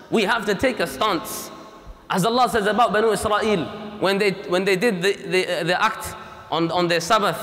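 A man's voice: high voice, fairly bright tone. A man giving a Friday sermon in a mosque, impassioned and emphatic, repeating key lines and mixing in Arabic phrases. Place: mosque prayer hall. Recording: long reverb of a mosque hall.

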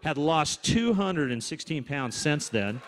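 A man telling a conversational testimony about praying for strangers in a store. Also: on the high side. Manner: conversational, relaxed, quick asides. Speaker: minister sharing a testimony. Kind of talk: storytelling testimony.

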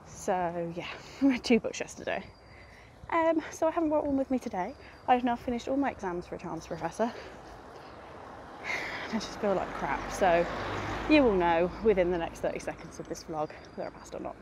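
A woman's voice: mid-range voice, expressive, normal speed, noisy background. A young woman talking casually to camera as a book vlogger, chatty and self-deprecating, often rambling. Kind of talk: casual vlog chat.

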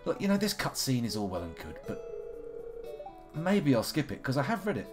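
A man's voice: mid-range voice, huge pitch swings, moderate pace, over music. A man from the United Kingdom giving casual gameplay commentary as a streamer, wry and self-mocking, with frequent fillers. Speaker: game streamer.

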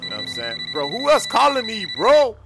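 A young man in excitable, slangy game role-play commentary with loud outbursts. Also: high-pitched, fairly quick, vocal fry, heavy background noise. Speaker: gaming YouTuber.

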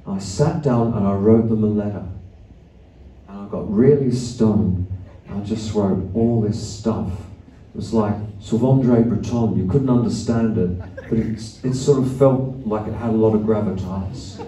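A man's voice: lowish voice, measured pace, mellow. An older man, a musician on stage, telling rambling, wry anecdotes between songs, swearing and chuckling. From Australia. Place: arts centre concert hall. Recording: echoey venue from a distant mic.

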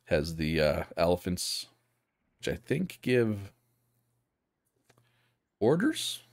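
Low-voiced man streaming a strategy game. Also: expressive, slow pace, vocal fry, dry recording. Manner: casual, thinking aloud, reads chat and answers viewers. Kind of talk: live gameplay commentary.

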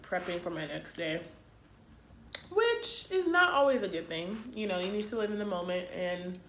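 A young woman chats to her camera in a casual vlog, self-deprecating and lively. Her voice sits in the middle of the range for a woman. The room is echoey, with faint noise behind her. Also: medium pitch. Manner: chatty and self-deprecating, with drawn-out excited exclamations. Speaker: vlogger.

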